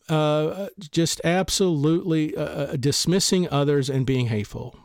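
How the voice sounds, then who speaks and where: A man's voice: mid-range voice, a little mellow, no echo, clean studio sound. A man hosting a podcast, giving a blunt, emphatic motivational talk on leadership. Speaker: podcast host and author.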